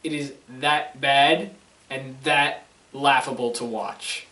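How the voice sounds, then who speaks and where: A man's voice: medium pitch, steady tone, slow, bright, forceful tone. A young man giving a casual, rambling film review with laughing asides and sarcastic questions. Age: young adult. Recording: roomy sound from a distant mic.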